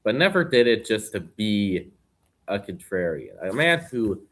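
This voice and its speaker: A man's voice: on the low side, big pitch swings, a little slow, a bit bright. A young man talking casually as a podcast guest, earnest and rambling with plenty of fillers. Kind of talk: casual conversation.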